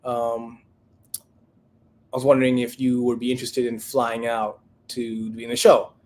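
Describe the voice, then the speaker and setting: A man's voice: medium pitch, normal speed. A man in his thirties, a chef guest on a podcast, telling a story casually and acting out the people he quotes. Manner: animated storyteller, acts out quoted voices.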